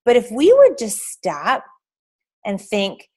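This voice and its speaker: A woman's voice: on the high side, wildly swooping pitch, slow, mellow, breathy edge. A woman talking earnestly and casually to a small group, addressing the listeners directly. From Texas. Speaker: speaker at an essential oil class. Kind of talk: informal talk to a small group.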